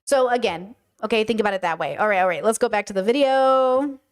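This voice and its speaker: A woman hosting a casual livestream, talking to her chat in a blunt, animated way and swearing freely. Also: a little high, fairly quick, clean tone. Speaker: streamer host.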